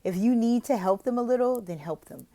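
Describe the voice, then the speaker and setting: A woman from the United States explaining how to teach online English lessons, switching between casual advice and slow, exaggerated teacher talk. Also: on the high side, expressive, mellow. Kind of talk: instructional vlog with role-played teaching examples.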